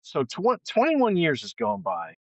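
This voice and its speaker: A man's voice: fairly high pitch, huge pitch swings, a little slow, no room sound, poor audio. A man in his late forties co-hosting a podcast, chatting in a laid-back way with casual swearing. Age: 40s. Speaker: podcast co-host. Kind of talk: casual chat.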